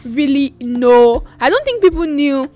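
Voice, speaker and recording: A young woman with a Nigerian accent and a high, bright-pitched voice. She co-hosts a casual talk, making her points with emphatic conviction. Faint music sits underneath her voice. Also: a little slow. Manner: emphatic, opinionated, animated. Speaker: podcast co-host. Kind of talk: casual discussion.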